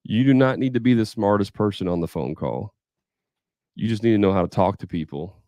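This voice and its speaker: Low-voiced man coaching salespeople. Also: a little fast, warm tone, no room sound. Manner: casual, thinks aloud, role-plays customer dialogue. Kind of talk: live training session.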